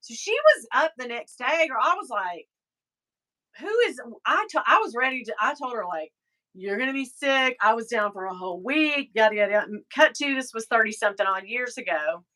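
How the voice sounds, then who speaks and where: A woman's voice: on the high side, animated, fairly quick, pushed and bright. A middle-aged woman hosting a live stream, chatting casually, telling stories and reading out viewer comments. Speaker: livestream host.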